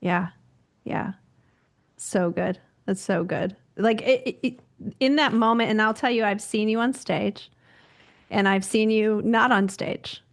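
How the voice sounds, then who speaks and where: Woman host, mid pitch, encouraging interviewer. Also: measured pace. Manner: warm affirming, gushing praise. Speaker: podcast host. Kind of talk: interview conversation.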